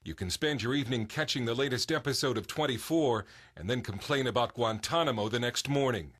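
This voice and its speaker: A man reads documentary narration in an even, scripted way. His voice is bright and forward, sitting at a medium pitch. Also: brisk.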